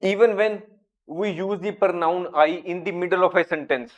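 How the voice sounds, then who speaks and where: A man with an Indian English accent, teaching a grammar lesson with slow, repetitive explanations. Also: high-pitched, fairly even intonation, lo-fi sound.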